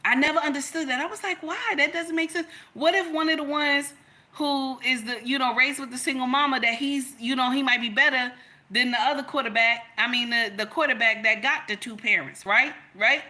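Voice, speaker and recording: A woman's voice: sits high, fairly even intonation, fairly quick, sharp tone. A woman, giving an emphatic, storytelling opinion monologue in which she repeats her points. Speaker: content creator.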